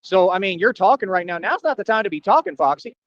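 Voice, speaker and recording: High-voiced man ranting, lo-fi. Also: lively intonation, quick pace, heavy background noise. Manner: boastful, confrontational, repetitive taunting. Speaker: streamer. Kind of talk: ranting monologue. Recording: dull lo-fi sound.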